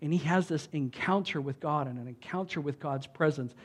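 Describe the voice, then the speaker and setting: A man giving a sermon as a pastor. He talks in a loose, conversational way, often saying "like" and "right?", and gets loud and emphatic when he reads scripture aloud. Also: on the high side, a little fast, slightly rough. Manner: conversational preaching with frequent "like" and "right?".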